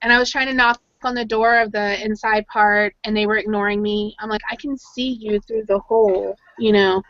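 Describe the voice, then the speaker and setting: A woman's voice: medium pitch, fairly even intonation, normal speed, fairly bright tone, dry recording. A woman co-hosting a casual chat, telling stories and acting out the voices of people she quotes. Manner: chatty storyteller, acts out quoted voices. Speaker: podcast co-host. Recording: dull lo-fi audio.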